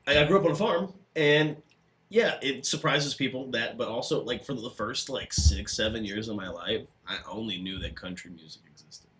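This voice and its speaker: A man from a Tennessee farm with no accent, co-hosting a stream in relaxed, joking chat. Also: mid-range voice, normal speed, low-quality recording. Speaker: stream co-host.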